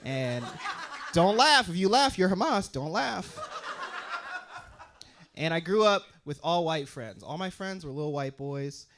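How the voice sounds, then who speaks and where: Animated high-voiced young man doing stand-up. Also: measured pace, long pauses, noisy background. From Utah. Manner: animated, jumps into loud high character voices and drops to low asides. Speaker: stand-up comedian. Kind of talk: stand-up comedy set.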